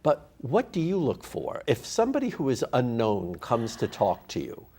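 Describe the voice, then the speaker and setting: A man's voice: medium pitch, huge pitch swings, moderate pace, dark tone, husky. A man, a theater actor, asking the speaker curious questions about agents. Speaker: audience member, actor.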